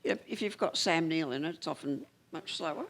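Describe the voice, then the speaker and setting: A woman's voice: low voice, a little fast. An older Australian woman, a film editor, chatting onstage in a rambling way full of fillers. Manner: chatty, trailing off with many fillers. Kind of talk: onstage conversation.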